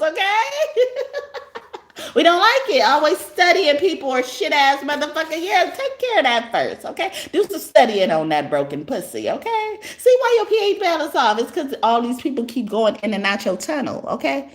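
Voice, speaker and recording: A woman's voice: high-pitched, very animated, moderate pace, a bit bright. A woman, hosting a casual livestream reading. She talks in a brash, profane way, laughing often and breaking into song. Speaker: tarot reader on a livestream.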